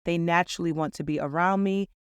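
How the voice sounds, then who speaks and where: A woman's voice: lowish voice, fairly even intonation, fast, smooth, no echo, studio quality. A woman hosting a reflective podcast monologue, talking in an earnest, upbeat storytelling way. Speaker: podcast host.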